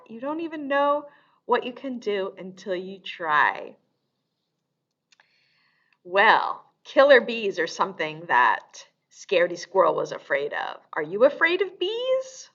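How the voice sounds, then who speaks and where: A woman's voice: mid-range voice, pushed and bright, lo-fi sound. A woman librarian leading a storytime and sing-along for young children, in a sing-song, exaggerated way.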